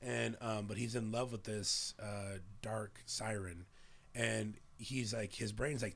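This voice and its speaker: A man's voice: fairly low pitch, fairly even intonation, slow pace, creaky, fairly bright tone. A man in his thirties hosting a podcast, chatting casually and animatedly, swearing freely and acting out voices as he retells scenes. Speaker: podcast host. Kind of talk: casual chat.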